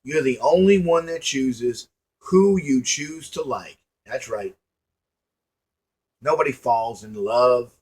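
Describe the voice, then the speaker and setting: A man's voice: medium pitch, lively intonation, slow, darkish tone, husky. A man giving a preachy motivational monologue to his viewers, folksy and emphatic, repeating lines and asking rhetorical questions. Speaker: online commentator.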